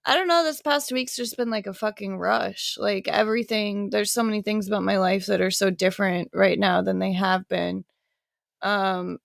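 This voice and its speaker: A woman's voice: mid-range voice, creaky, no room sound, clean studio sound. A woman hosting a casual podcast, telling rambling stories full of laughter and swearing. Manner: rambling and giggly, many likes and swears. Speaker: podcast host. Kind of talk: casual chat.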